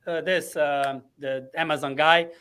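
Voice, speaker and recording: A man, a coach and podcast guest, explaining his ideas earnestly, often pausing with fillers while searching for words. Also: fairly high pitch, fairly even intonation, bright, forceful tone, clear, resonant tone. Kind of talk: explanatory interview talk.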